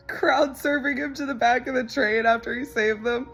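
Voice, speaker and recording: Brief: young woman, slightly high voice, wry and chatty, reacting to a film while it plays. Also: steady tone, normal speed, a bit bright, slightly rough, soft background music. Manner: chatty, wry and incredulous, laughing often. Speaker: movie reaction creator. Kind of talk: casual movie reaction commentary.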